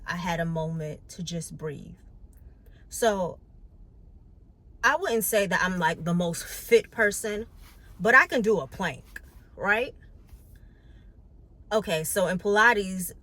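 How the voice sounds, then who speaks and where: A woman's voice: lowish voice, takes it slowly, pauses often, a bit bright. A middle-aged woman vlogging to camera in a candid, chatty way, reflective and open about her week as a makeup artist. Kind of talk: casual vlog chat to camera. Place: New York City.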